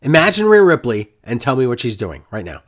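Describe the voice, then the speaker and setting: A man talking in a casual recap chat, sarcastic and fed up. His voice swings up and down with lively inflection at an ordinary middle pitch. He keeps up a running, exasperated rant. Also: a little fast. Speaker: wrestling podcast co-host.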